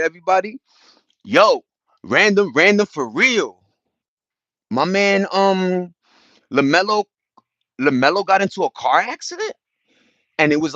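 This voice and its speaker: A man hosts a casual livestream, welcoming viewers and laughing while he talks in a medium-pitched, slightly bright voice. The audio is dull and lo-fi but has no room sound.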